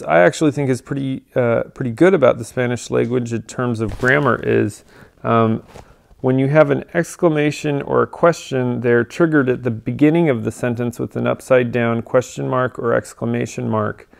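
A man giving a casual computer tutorial, relaxed and full of ums and uhs. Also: medium pitch, moderate pace, gravelly. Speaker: tutorial presenter.

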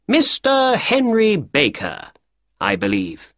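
A man voicing a brilliant, confident male detective, speaking lively and emphatically in a raised voice for a storybook reading. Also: takes it slowly, dry recording, clean studio sound, exaggerated voice. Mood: brisk. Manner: lively and emphatic, higher and louder than the narration.

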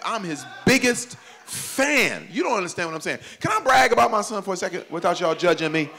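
Lively, gravelly-voiced male comedian. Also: high voice. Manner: animated storytelling, shouting punchlines. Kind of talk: stand-up comedy. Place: church event hall before a live audience.

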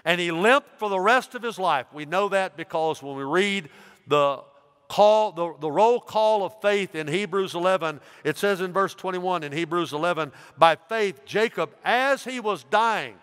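A man's voice: sits high, smooth. Preaching older man in echoing hall. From United States. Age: 60s. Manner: emphatic preaching, dropping soft then rising loud. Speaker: pastor. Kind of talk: sermon. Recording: long reverb of a church hall.

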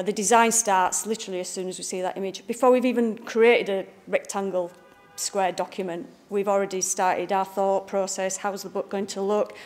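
A woman from the north of England gives an informal lecture in her broad local accent, lively and full of jokes. Her voice sits at an ordinary middle pitch for a woman, and she talks to the room like old friends. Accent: Northern English. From Bradford, northern England. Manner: chatty, bubbly, jokey. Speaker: picture book art director giving a talk. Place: library event room with a live audience.

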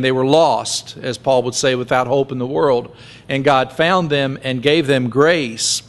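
A man's voice: medium pitch, fairly bright tone. A man pastor giving a conversational sermon, joking and acting out little scenes as he preaches.

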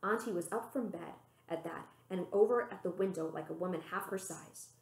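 Expressive woman reading a storybook aloud. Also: normal speed, vocal fry, roomy sound, poor audio. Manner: expressive, voicing the characters with pitch lifts.

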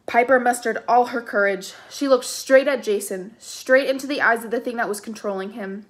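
A woman reading a novel aloud in steady narration, with occasional casual asides. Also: fairly high pitch, moderate pace, few pauses. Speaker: reader.

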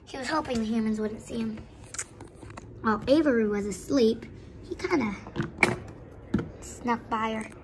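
A woman's voice: on the high side, a little slow, long pauses, noisy background. A woman narrating an improvised horse story in a rambling, informal way.

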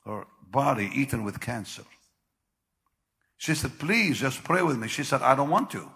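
An older man preaching a sermon, with sudden loud bursts and slow, drawn-out phrases. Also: mid-range voice, animated. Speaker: pastor. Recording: long hall reverb.

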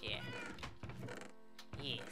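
A man's voice: extremely slow, over loud music. A man hosting a casual let's play, chatting to viewers and poking fun at himself. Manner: chatty and self-mocking, talks to viewers.

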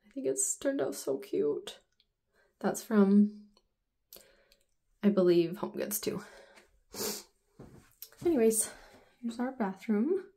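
A woman's voice: mid-range voice, sing-song, slow pace, pauses often, mellow. A woman in her thirties chatting casually in a home vlog, rambling with lots of fillers. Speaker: vlogger.

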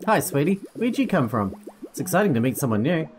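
Brief: gossipy young mum, chatty and fond, pitched up a touch by a male reader. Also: very animated, a little fast, faint music behind. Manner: gossipy, warm-hearted, talkative. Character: chatty young mother holding a baby. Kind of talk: reading game dialogue aloud.

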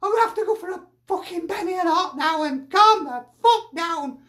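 A man's voice: very high-pitched, lively intonation, moderate pace, pushed and bright, heavily acted. A man voicing a sweary, exasperated older northern aunty, a football fan with a Lancashire accent, ranting and sighing in a comic video. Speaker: football pundit persona.

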